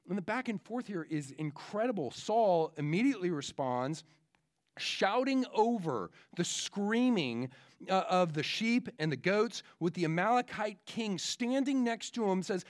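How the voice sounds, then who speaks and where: A male pastor preaching in a loose, conversational way. His voice sits a bit high for a man, and he often stops to restart a thought. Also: animated, a little slow. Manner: casual, with frequent fillers and restarts. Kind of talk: conversational sermon.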